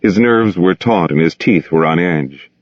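A man narrating a novel aloud in a steady, measured, grave manner. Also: low-pitched, no echo. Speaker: audiobook reader. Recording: dull, dry close recording.

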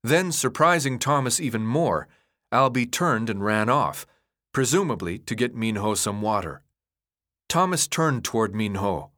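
A man narrates a novel with expressive storytelling. His pitch sits mid-range but moves in lively arcs through each sentence. It is a scripted audiobook reading. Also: measured pace.

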